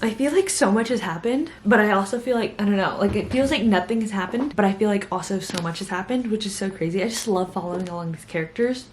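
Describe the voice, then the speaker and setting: A woman's voice: mid-range voice, quick pace, hardly any pauses, a little hiss or hum. A young woman in her twenties, a college student, chatting casually about books in a vlog, gushing and full of fillers. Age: young adult. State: tired. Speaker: book vlogger. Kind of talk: casual reading vlog chat.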